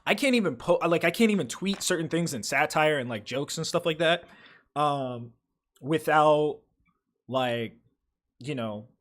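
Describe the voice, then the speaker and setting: Young male streamer, slightly high voice, casual profane chatter while reading chat. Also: lively intonation, unhurried, a bit bright. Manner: loose, profane, filler-heavy slang talk. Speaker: livestream host. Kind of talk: casual livestream chat, reading viewer comments.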